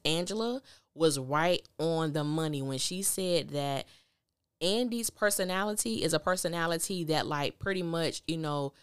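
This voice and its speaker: Low-voiced woman podcaster, candid. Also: clear, resonant tone, no room sound, clean studio sound. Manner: candid, opinionated, acts out characters' lines in exaggerated voices. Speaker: podcast host reviewing a TV drama. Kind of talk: casual recap and commentary.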